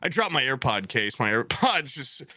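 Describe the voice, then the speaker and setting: Young guy rambling thru a funny story, super animated, bright voice, dry mic. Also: medium pitch, normal speed, no echo. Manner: animated, swearing, jokey storytelling. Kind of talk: casual storytelling chat.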